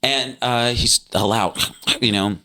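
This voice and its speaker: A man animatedly telling a personal story, his voice leaping high when he relives key moments. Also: steady tone, a little slow, bright, forceful tone.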